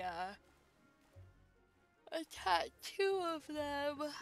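A woman's voice: on the high side, bright, forceful tone. A young woman streaming a game, chatting playfully with her chat in cutesy slang. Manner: playful, cutesy slang, often laughs and yawns. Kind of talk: casual gameplay commentary.

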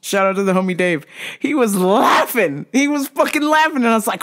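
A woman's voice: a little high, brisk. A woman hosting her own show, ranting casually and comically with lots of swearing and frequent laughter. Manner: profane, animated, laughs often. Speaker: host. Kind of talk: casual comedic rant.

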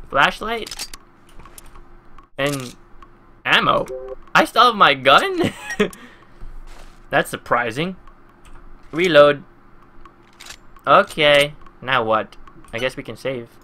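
A man's voice: a little high, bright, forceful tone, a little hiss or hum. A man in his twenties from New Jersey, playing through a horror game and commenting, jumpy and swearing constantly, yelping when startled. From New Jersey, USA. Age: 20s. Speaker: let's play gamer. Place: at home at a gaming computer.

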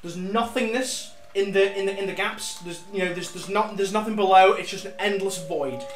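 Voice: medium pitch, normal speed. A game master narrating a tabletop game, rambling with lots of fillers and restarts. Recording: roomy, distant, music behind.

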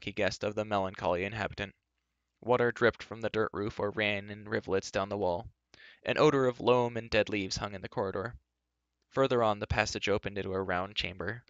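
A man reads a novel aloud at a steady, measured pace. His voice is on the low side, and the recording is dry and somewhat dull. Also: no room sound. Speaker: reader.

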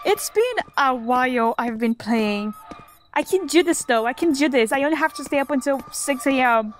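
High-voiced woman narrating a horror game. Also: expressive, moderate pace, faint music behind. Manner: chatty, jumpy, talks to herself. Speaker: gamer. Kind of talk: let's play commentary.

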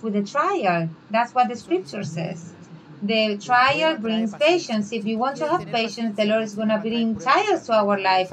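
A woman's voice: a little high, rough recording. A woman co-pastor whose first language is Spanish, preaching a sermon in an earnest way and acting out other people's questions. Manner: earnest preaching, acts out skeptics' questions in a raised voice.

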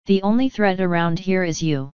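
Bedraggled female unicorn, bitter and desperate, a woman reader voicing her; smooth, low tone. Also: normal speed, a little mellow, no echo, lo-fi sound, close to an everyday voice. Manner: bitter, intense.

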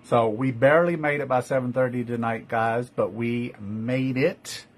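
A man's voice: medium pitch, fairly even intonation, normal speed, a little hiss or hum. A man with a Texan accent hosting a live-stream jewelry sale, chatty, greeting viewers by name and calling them love. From Texas. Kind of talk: live-stream sales chat.

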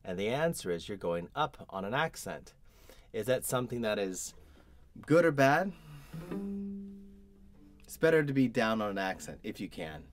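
A man teaching a cello lesson, explaining bowing patterns step by step and pausing to demonstrate. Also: fairly low pitch, very animated, soft background music. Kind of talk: instructional explanation.

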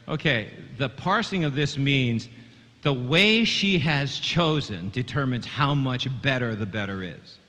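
A man's voice: medium pitch, animated, moderate pace, sharp tone. A man teaching a sermon to a congregation in earnest tones, often catching on repeated fillers and restarts as he asks the listeners to follow along. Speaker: Bible teacher. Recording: long hall reverb.

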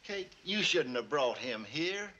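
An actor playing a touchy train conductor who sulks and answers sarcastically, with an old laugh track. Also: male voice, a little high, sing-song, a little slow, bright, forceful tone, dull audio, slight background noise, heavily acted. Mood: sulky. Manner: sulky, sarcastic.

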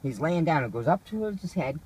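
A man's voice: on the high side, sing-song, a little fast, darkish tone, a little hiss or hum. A man casually telling rambling, profanity-laced stories to a friend. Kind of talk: casual storytelling.

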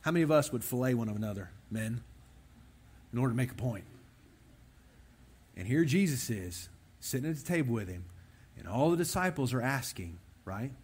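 A young man preaching a conversational sermon, animated and speaking directly to the men listening. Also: mid-range voice, a little fast, pauses often, husky. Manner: animated, talks straight to the men in the room.

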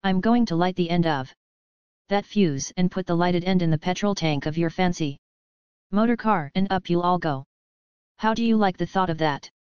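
A storyteller doing a brutish gangster boss who growls his threats, the voice very smooth and clean. It sits dry and a little dull, as from a close home recording of a storybook. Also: medium pitch, normal speed, no echo, lightly acted. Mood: threatening. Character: menacing gangster boss, huge brutish man.

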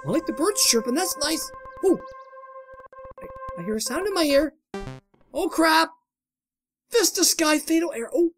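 High-pitched gravelly guy yelling through a horror game, slow drawn out talk, music playing behind. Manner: excitable, jokey, exclaims and talks to himself. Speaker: gamer doing a playthrough. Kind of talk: let's play commentary.

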